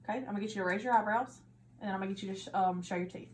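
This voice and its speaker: A woman who is a nursing student, narrating a physical assessment step by step with steady, instructive directions. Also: medium pitch, rapid-fire, slight background noise. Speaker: nursing student performing an exam. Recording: echoey room with faint ambience.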